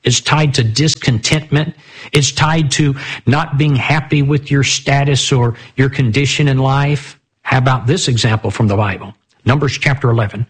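A man's voice: medium pitch, fairly even intonation, normal speed, husky. A man teaching a Bible study, asking his listeners rhetorical questions and reading verses aloud.

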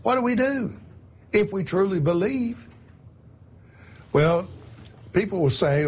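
A man's voice: sits high, expressive, takes it slowly, pauses often, slightly rough. A man preaching a sermon in an earnest, repetitive way, often calling his listeners "my friends".

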